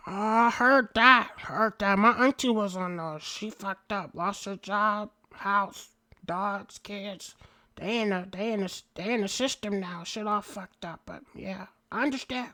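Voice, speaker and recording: A woman's voice: medium pitch, unhurried, sharp tone. A woman playing a brash, crude-talking male street hustler in a game role-play, full of slang and jokes. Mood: joking, crude.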